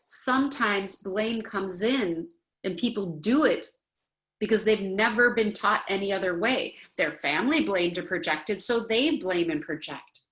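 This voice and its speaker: A woman's voice: animated, unhurried, fairly bright tone. Earnest woman teaching a self-help class. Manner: earnest, acts out indignant voices with rising pitch.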